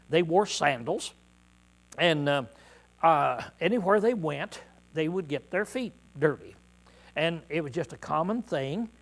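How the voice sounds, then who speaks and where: A male preacher with a slightly high voice gives a conversational sermon, reading scripture aloud and then explaining it in plain terms. He clears his throat often and uses hands-on demonstrations with the congregation.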